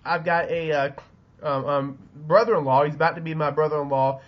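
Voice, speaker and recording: A man's voice: fairly high pitch, steady tone, brisk, highs cut off. A man with a Southern US accent giving a recorded geography lesson, rambling with lots of ums and restarts. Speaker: teacher. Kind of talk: recorded classroom lecture. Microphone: webcam.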